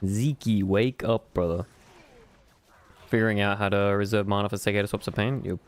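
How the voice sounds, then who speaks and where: A man's voice: fairly low pitch, fairly even intonation, normal speed. A man streaming a game live, sleepy and yawning, chatting loosely with his chat and swearing often. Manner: loose, profane banter with chat.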